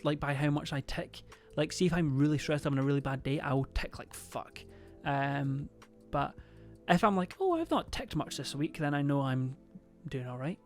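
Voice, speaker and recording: A young man talks to his stream viewers in a loose, rambling way. He hesitates often, leans on fillers and swears freely. His voice sits a little high, and soft music plays faintly underneath. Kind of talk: casual stream chat.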